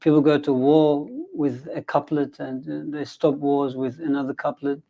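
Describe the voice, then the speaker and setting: Male Quran teacher, fairly high voice, chatty, explains step by step. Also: little pitch movement, normal speed, gravelly, phone-quality sound. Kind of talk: scholarly study discussion.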